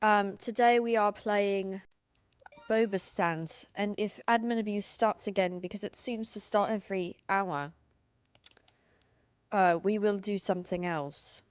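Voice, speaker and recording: A woman's voice: mid-range voice, fairly even intonation, unhurried, no echo, close to an everyday voice. A woman putting on a fake British accent. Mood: playful. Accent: put-on British. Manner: theatrical, mock-indignant.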